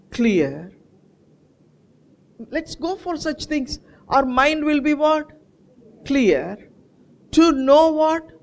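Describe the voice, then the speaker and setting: A preacher delivering a sermon, asking the congregation questions and answering them, and repeating key words for emphasis. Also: high voice. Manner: call-and-response questions to the congregation; slow, stretched phrasing.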